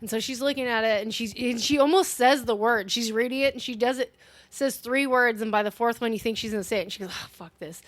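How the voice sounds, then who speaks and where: A woman's voice: fairly high pitch, fast, no room sound. A woman co-hosting a casual movie review, rambling through a plot recap with lots of swearing and fillers. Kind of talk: casual chat recapping a film.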